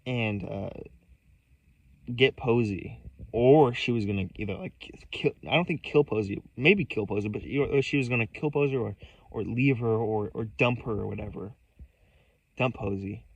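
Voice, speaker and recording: A man's voice: medium pitch, moderate pace, creaky, slightly rough, no room sound, low-quality recording. Profane, rambling man telling a story. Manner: agitated, profane, rambling with many restarts. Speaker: vlogger. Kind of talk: casual storytime monologue.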